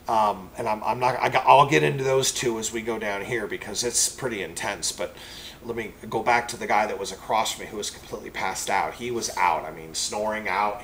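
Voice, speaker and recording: A man who is a preacher, telling a personal testimony story in a rambling, animated way. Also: fairly low pitch, rough recording.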